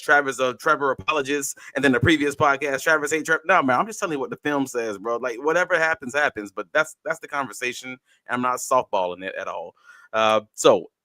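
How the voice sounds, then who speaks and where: A man's voice: medium pitch, sharp tone, dry recording. A man co-hosting a sports podcast in casual talk, blunt and emphatic, speaking his mind plainly. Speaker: podcast co-host.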